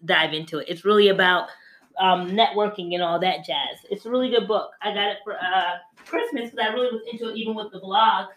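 A woman's voice: mid-range voice, brisk, a bit bright. A woman in her thirties co-hosting a casual podcast, enthusiastic and full of fillers. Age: 30s. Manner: enthusiastic, filler-heavy, says like a lot. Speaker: podcast co-host. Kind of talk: casual chat.

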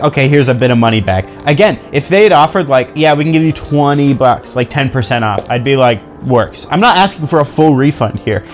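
A young man co-hosting a podcast, telling a story in an animated, exasperated way and acting out quoted exchanges. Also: on the high side. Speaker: podcast co-host. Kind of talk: casual chat.

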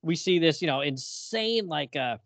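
A man's voice: on the high side, animated, moderate pace, a bit bright, no echo. A man co-hosting a comic book podcast, casually walking through the pages panel by panel and chuckling as he goes. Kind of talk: casual chat.

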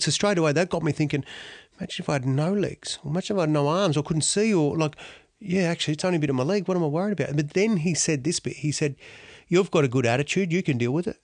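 A man's voice: on the high side, a little fast, no room sound. A middle-aged Australian man telling his own life story in an interview, in a blunt, slangy, down-to-earth way. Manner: blunt, slangy, down-to-earth, frequent "you know". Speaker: guest. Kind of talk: candid personal storytelling.

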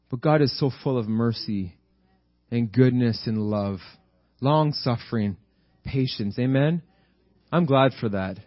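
A man's voice: mid-range voice, no echo, highs cut off. A man preaching a sermon with fervent, repetitive emphasis, often calling out to the congregation for an "Amen.".

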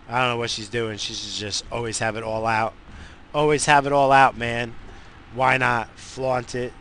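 A radio show host from the United States talks from inside a car at a moderate pace, his medium-pitched voice flat yet fairly bright. Slight background noise accompanies his rambling, swear-filled, agitated rant.

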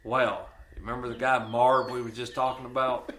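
Male podcast host, mid-pitched, folksy storyteller; roomy recording with a faint hiss. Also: flat delivery, fairly bright tone. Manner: folksy, drawn-out storytelling with restarts. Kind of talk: casual storytelling chat.

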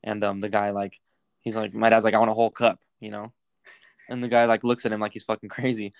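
Fast-talking, cursing young man. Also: fairly low pitch, level tone, creaky, clear, resonant tone, dry recording. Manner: swearing, rambling storyteller. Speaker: podcast co-host. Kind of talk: casual chat reading facts aloud.

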